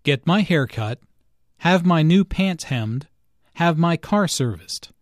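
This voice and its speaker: A man reading a scripted English lesson, explaining grammar slowly and clearly. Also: a little high, animated, no room sound, clean studio sound. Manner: slow, clear, carefully enunciated. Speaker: English teacher. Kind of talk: scripted language lesson with dialogues.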